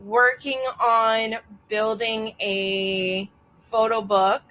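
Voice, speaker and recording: A woman photographer talking as a guest on a casual podcast, relaxed and conversational. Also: fairly high pitch, drawn-out words, a little hiss or hum, low-quality recording.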